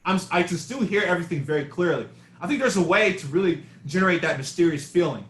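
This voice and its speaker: A man teaching a double bass class over a video call, talking casually and hunting for words as he coaches. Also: expressive, quick pace, a bit bright, echoey room. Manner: casual, searching, repeats words while thinking. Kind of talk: online masterclass coaching. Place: home room on a video call. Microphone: video call mic.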